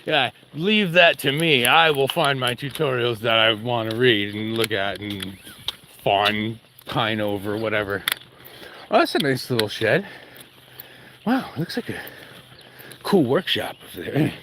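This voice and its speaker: In a medium-pitched voice with lively intonation, a man rambles unhurriedly and jokes while live-streaming an outdoor walk with his dog. He chats to his viewers and his dog over background noise.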